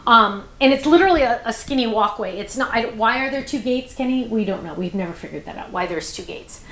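Woman, craft show host, casual rambling chat, fairly high voice, echoey room. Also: expressive, a little fast, fairly bright tone, a little hiss or hum. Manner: chatty, rambling storyteller with many fillers.

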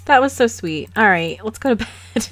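A woman's voice: on the high side, expressive, moderate pace, a bit bright. A woman casually commenting on her life-simulation game at her computer, giggling and coaxing her characters, with mouse clicks and typing behind her. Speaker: let's play host. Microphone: desktop USB mic.

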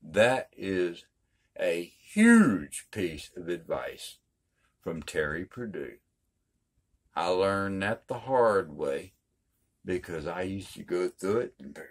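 A man's voice: low-pitched, sing-song, slow, breathy edge. An older man giving a casual guitar lesson in a folksy, emphatic way, repeating his points. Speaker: guitar teacher.

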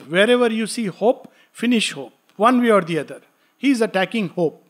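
High-voiced study teacher. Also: male voice. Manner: explanatory, reads verse slowly, laughs lightly. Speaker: spiritual study-class teacher. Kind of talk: lecture with poetry reading.

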